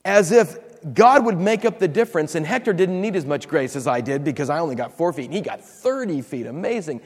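A man's voice: a little high, lively intonation, a little fast, in a large hall. A man preaching a sermon as pastor, acting out quotes and repeating words for emphasis.

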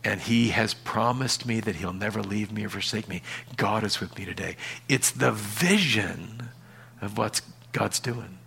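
A man preaching a sermon in a conversational way, dropping to quiet emphasis and acting out small everyday scenes. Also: fairly low pitch, a little slow, gravelly, husky. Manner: acts out little scenes with voices. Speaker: pastor.

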